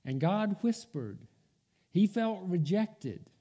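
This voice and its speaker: A man delivers a sermon with a fairly high, mellow voice. His pitch swings widely as he tells the story and voices the figures in it. He takes his time and lets his voice sink nearly to a whisper to make a point. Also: lively intonation, slow, breathy edge. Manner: storytelling, acting out quoted voices, drops to a whisper for emphasis. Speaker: pastor. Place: church.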